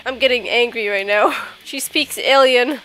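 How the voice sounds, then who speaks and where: A woman's voice: on the high side, a little slow, pushed and bright. A woman giving playful gameplay commentary, giggling often and getting mock-indignant. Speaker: gaming YouTuber.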